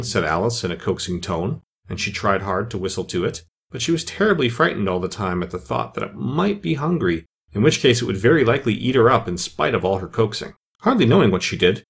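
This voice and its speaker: A man narrating a children's storybook with expressive, lively delivery. His voice is gravelly and husky, and his pitch swings widely. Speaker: audiobook narrator.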